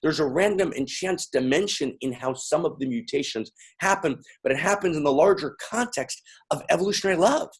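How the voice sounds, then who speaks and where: Man, husky voice, fairly high pitch, playful, calls out to audience, live talk. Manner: playful, repetitive, calling out to the crowd. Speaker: speaker. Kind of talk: lively interactive talk with audience.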